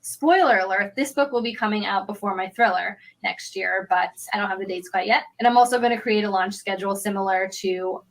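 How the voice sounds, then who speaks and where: A woman talking straight to camera in a relaxed vlog, open and self-reflective. She moves quickly through her points at an even, mid-range pitch for a woman, with an everyday, unforced delivery. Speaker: author and vlogger. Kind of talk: casual vlog talk.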